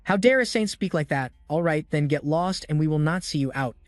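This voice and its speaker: A man's voice: on the high side, animated, brisk, dry recording, studio quality, soft background music, natural voice. A man voicing a group of indignant, self-serving male nobles.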